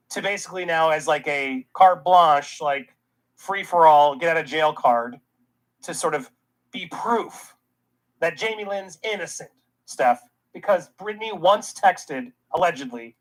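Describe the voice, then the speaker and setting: Fields: Role: ranting commentary host. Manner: indignant, sarcastic. Pitch: middle. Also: expressive, unhurried, a bit bright, poor audio. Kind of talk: reaction commentary.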